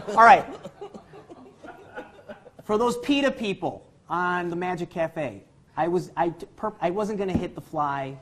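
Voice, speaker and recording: Guy teaching card magic, slightly high voice, rambly and jokey, laughs at himself a lot. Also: lively intonation, a little slow, long pauses, a bit bright. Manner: rambling, jokey, self-deprecating, chuckles often. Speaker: magic instructor. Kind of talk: casual card-trick tutorial.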